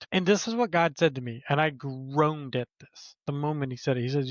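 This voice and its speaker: A man on a casual podcast who talks in an animated way, swears freely, and acts out the dialogue he quotes. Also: a little high, brisk, hardly any pauses, no room sound, muffled recording. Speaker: podcast co-host. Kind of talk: casual chat.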